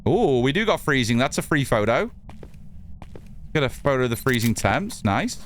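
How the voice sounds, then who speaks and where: A man from northern England with a mixed northern English accent that sounds a little all over the place. He talks casually to his viewers while he plays, and he swears freely. His pitch rises and falls a lot, and there's a faint hum of room sound behind him. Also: very animated, normal speed. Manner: chatty, reads chat aloud, swears casually. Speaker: streamer. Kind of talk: casual gameplay commentary.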